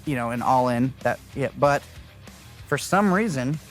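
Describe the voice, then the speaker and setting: A man's voice: medium pitch, lively intonation, a little slow, soft background music. A man co-hosting a casual podcast, running through a list in a loose, joking way. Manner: reads out lists, loose and joking. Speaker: podcast co-host. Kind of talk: casual chat, running through a wrestling card.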